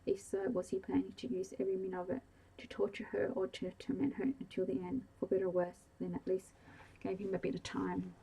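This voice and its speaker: Woman, whispered bedtime story, husky breathy voice, gravelly fry, mellow. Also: medium pitch, flat delivery, brisk, low-quality recording. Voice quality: soft whispery delivery. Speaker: audiobook reader.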